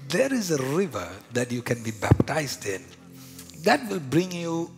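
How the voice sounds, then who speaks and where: A man with an Indian accent preaching a sermon, dropping to hushed whispers and rising to loud declarations. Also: on the high side, big pitch swings, a little slow. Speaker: pastor. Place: church hall. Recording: live church hall with long reverb, music behind.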